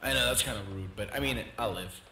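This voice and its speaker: A man voicing a laid-back young male ghost who talks quickly and easily. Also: fairly low pitch, gravelly, sharp tone, roomy sound, a little hiss or hum, exaggerated voice.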